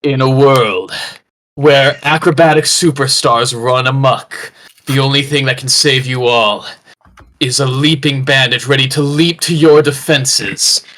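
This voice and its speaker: A man playing a boastful heel wrestler, a thieving bandit, cutting an improvised wrestling promo with shouted threats. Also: medium pitch, steady tone, unhurried, lightly acted, rough recording. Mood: trailer-style grandiose.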